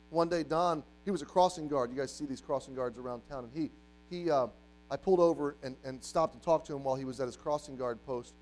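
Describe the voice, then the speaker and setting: Storytelling preacher man, swings hushed to loud. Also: mid-range voice, a little fast, poor audio. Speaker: pastor. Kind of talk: sermon. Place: church.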